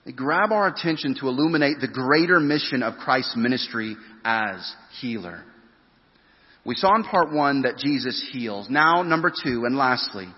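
A man preaching a sermon in a church hall, his voice trailing off into long reverb. He is earnest and emphatic, leaning hard on key phrases and drawing some out slowly. The recording sounds muffled and a little dull. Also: medium pitch, lively intonation. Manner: earnest, emphatic preaching with rising stresses and slow drawn-out phrases. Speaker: pastor. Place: church sanctuary.

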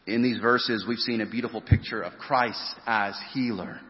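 A man preaching a sermon in a church hall, his voice trailing off into long reverb. He is earnest and emphatic, leaning hard on key phrases and drawing some out slowly. The recording sounds muffled and a little dull. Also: fairly low pitch, steady tone. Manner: earnest, emphatic preaching with rising stresses and slow drawn-out phrases. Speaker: pastor. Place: church sanctuary.

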